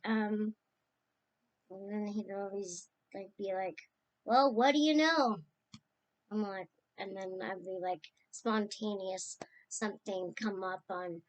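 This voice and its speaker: A woman talks in an unhurried, meandering way, letting her stories drift as she reminisces about a loved one. Her voice sits at an ordinary middle pitch, and her tone is affectionate and informal. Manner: rambling and tender, drifting between stories. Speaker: niece sharing memories of her late uncle. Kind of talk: casual spoken remembrance.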